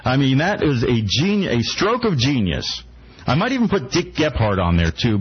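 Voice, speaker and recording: A man's voice: mid-range voice, breathy edge. A man hosting talk radio, delivering a mock-earnest satirical rant full of stumbling restarts. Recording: muffled radio broadcast.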